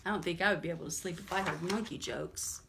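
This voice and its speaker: A woman librarian leading a toddler storytime, reading books aloud and gently asking the children questions. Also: on the low side, fast talker, a little hiss or hum.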